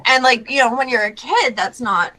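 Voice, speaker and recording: A woman's voice: on the high side, moderate pace, bright, forceful tone, poor audio. A young adult woman hosting a podcast, talking casually and chattily with many fillers. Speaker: podcast host.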